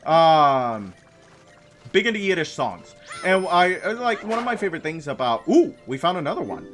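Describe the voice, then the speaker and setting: A man's voice: fairly high pitch, sing-song, moderate pace, over music. Chatty giggly guy streaming a game, voice bouncing all over, rambly. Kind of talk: casual let's-play chat.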